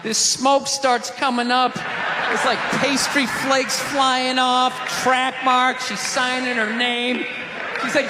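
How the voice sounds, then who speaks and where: Brief: high-voiced male stand-up comic, loud exasperated rants, live theater with crowd noise and long reverb. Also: flat delivery, takes it slowly. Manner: loud, ranting, exasperated delivery. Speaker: stand-up comedian. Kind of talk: stand-up comedy set. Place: theater stage before a live audience.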